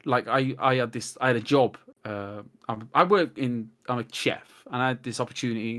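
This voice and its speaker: He speaks at a normal pace with few pauses, his voice mid-range, as a guest on an easygoing podcast. Rambling and animated, he recounts long stories and re-enacts what people told him.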